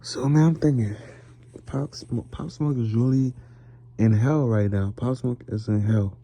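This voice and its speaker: Man, sleepy late-night bedroom monologue, very mellow and dark, rambling and drowsy. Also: medium pitch, unhurried. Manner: rambling and drowsy, drifting into near-whispers. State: sleepy, yawning. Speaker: vlogger. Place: bedroom, lying in bed.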